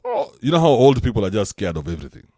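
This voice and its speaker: Lively man ranting on a podcast. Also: lowish voice, rapid-fire, no echo, studio quality. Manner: animated, joking, swings into mocking put-on voices. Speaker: podcast host. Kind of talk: casual podcast rant.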